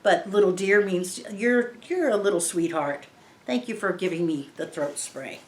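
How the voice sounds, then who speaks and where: A woman's voice: fairly low pitch, moderate pace, slight background noise. A woman reading a picture book aloud to children, patiently explaining each word in simple terms. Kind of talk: read-aloud lesson for kids. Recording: roomy echo.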